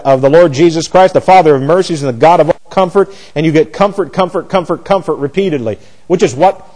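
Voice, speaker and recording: A man preaching an expository Bible sermon, emphatic, with rhetorical questions and repeated words. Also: poor audio. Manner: animated pitch jumps for emphasis. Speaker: pastor.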